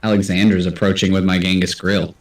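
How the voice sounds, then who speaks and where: A man's voice: low voice, little pitch movement, fairly quick, echoey room, recorded from a distance. A man hosting a casual livestream trivia game, chatty and self-deprecating as he reads out answers. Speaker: trivia host.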